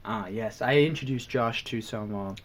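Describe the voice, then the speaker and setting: A man's voice: mid-range voice, normal speed. A young Australian man co-hosting a podcast in casual chat, joking and teasing, laughing often. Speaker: podcast co-host.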